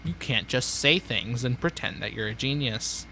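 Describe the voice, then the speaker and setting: Brief: young male streamer, bright tone, rambling sardonic monologue over gameplay. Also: medium pitch, expressive, normal speed, slight background noise. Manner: rambling, sardonic, talks to himself. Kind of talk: casual gameplay chatter.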